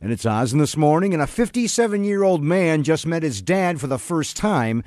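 A man hosting a radio morning show, telling a news story with lively delivery. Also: a little high, moderate pace, no echo, studio quality.

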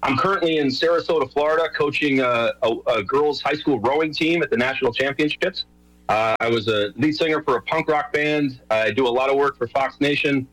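A man's voice: mid-range voice, brisk, a bit bright, soft background music, low-quality recording. A middle-aged man from New York, a guest on a radio show, talking casually with lots of fillers and restarts. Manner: rambling, many fillers and restarts. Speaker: guest, show host and rowing coach.

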